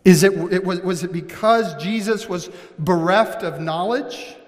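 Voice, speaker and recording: A man's voice: sits high, a little slow. A pastor preaching a sermon with passion, calling out members of his congregation by name. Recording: long hall reverb.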